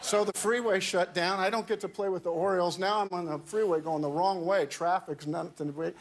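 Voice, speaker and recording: Slightly high-voiced man, halting storyteller. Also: fairly even intonation. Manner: halting, restarts and repeats words. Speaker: talk show guest. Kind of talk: telling an anecdote in casual chat.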